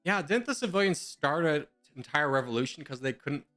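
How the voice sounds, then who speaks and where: A young man with a slightly high voice chatting casually over a game, full of dry jokes and sarcasm. Faint music plays behind him. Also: expressive, brisk, sharp tone. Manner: joking and sarcastic. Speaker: gamer in voice chat. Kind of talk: casual gaming chat.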